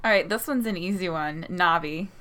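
Female podcast co-host, fairly low voice, giggly, stubborn about her picks. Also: moderate pace, a loud crowd. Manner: playful, insistent, giggly. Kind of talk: casual chat.

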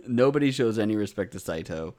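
Animated man recapping with put-on voices. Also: lowish voice, moderate pace. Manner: animated, swearing, acts out characters' lines in raised voices. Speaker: podcast co-host. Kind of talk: casual chat recapping an anime.

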